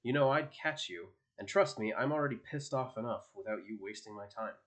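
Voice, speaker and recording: A man's voice: on the low side, brisk, a bit bright, close to an everyday voice. A man reading an audiobook and voicing a fierce teenage superheroine who talks down a thug in a hard, commanding, scornful way. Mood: taunting.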